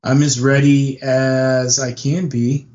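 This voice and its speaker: A man's voice: mid-range voice, little pitch movement, takes it slowly, darkish tone, dull audio. Joking Texan man on a podcast. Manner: joking, storytelling. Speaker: podcast co-host. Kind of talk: casual chat.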